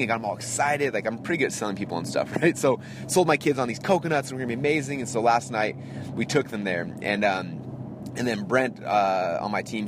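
A man in his thirties hosting a podcast, telling a story in a casual, animated way and acting out the people in it. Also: lowish voice, noisy background. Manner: animated, acts out voices in anecdotes. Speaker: podcast host.

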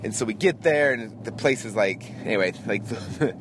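A man in his thirties hosting a podcast, telling a story in a casual, animated way and acting out the people in it. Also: on the low side, normal speed, noisy background. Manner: animated, acts out voices in anecdotes. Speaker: podcast host.

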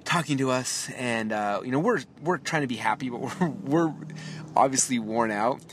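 A podcast host in his thirties talks through a story in a loose, chatty monologue, with quick asides and small laughs. His pitch sits in the ordinary middle range for a man. He is recorded inside a moving car, with a soft hum of road noise behind him. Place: inside a car while driving. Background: faint vehicle noise.

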